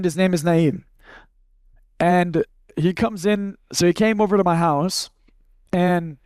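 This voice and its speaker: A young man with a high voice holds forth to a live audience in a loose, blunt way, swearing freely and acting out quotes as he tells stories. The sound is close and dry with no room echo. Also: a little mellow. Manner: blunt, profane, storytelling with acted-out quotes. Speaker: speaker teaching a live audience. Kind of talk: casual seminar talk.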